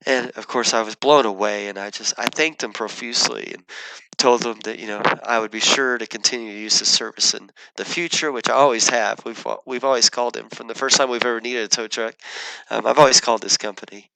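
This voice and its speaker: A man's voice: mid-range voice, fairly even intonation, brisk, creaky, bright, forceful tone, no echo, poor audio. A man, a pastor, earnestly telling a personal story in his sermon, often restarting his sentences.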